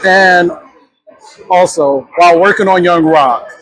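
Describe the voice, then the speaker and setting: A man's voice: sits high, slow, a bit bright, rough recording. A man interviewing a guest at a convention, enthusiastic and admiring. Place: pop culture convention.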